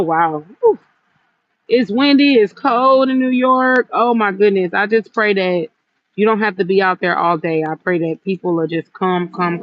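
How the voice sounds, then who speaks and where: A woman's voice: fairly low pitch, highs cut off, slight background noise. A woman vendor livestreaming from an outdoor stall in the cold, chatting casually and retelling a run-in with a customer. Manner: chatty, retells arguments with quoted back-and-forth. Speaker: vendor selling gift baskets on a livestream.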